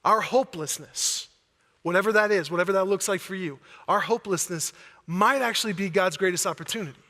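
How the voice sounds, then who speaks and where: A man preaches a sermon from a church stage in a high, bright voice. He is emphatic and builds to near-shouting in the passionate passages. His voice carries a long reverb from a large church hall. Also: a little fast. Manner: emphatic, rises to near-shouting when acting out pleas. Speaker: pastor.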